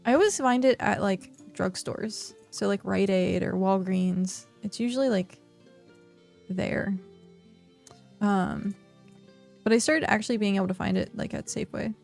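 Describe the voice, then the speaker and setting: A woman's voice: mid-range voice, a little slow, vocal fry, pauses often, darkish tone, faint music behind. A woman streaming a game, chatting casually, talking to herself and reading chat aloud. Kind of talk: casual live-stream chat while gaming.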